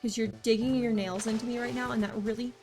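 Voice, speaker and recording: A woman's voice: fairly high pitch, steady tone, fast talker, music in the background. A young adult woman from the United States chatting playfully while streaming a game and reading its lines aloud. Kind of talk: casual gameplay chat.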